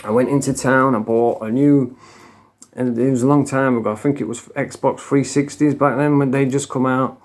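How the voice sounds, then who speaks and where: A man's voice: mid-range voice, steady tone, moderate pace, darkish tone. A man, a former addict telling his story in a frank, casual monologue full of swearing. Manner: frank, swears a lot, plain-spoken.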